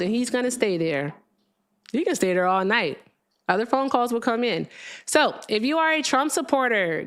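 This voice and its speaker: Brash, teasing woman livestream host. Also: a little high. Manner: brash, teasing, laughs often. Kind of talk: casual live call-in chat.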